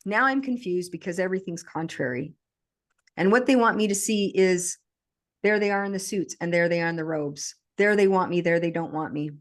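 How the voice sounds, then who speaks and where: A woman with a fairly low voice, speaking as a podcast guest. She relives a traumatic memory aloud in vivid present tense, with steady intensity. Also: a little fast.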